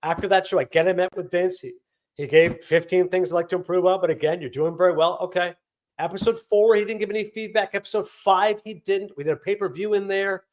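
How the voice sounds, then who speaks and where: A man who works as a sports broadcaster, telling anecdotes as an interview guest in a casual, animated way. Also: high voice. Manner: rapid, animated anecdotes with acted-out quotes.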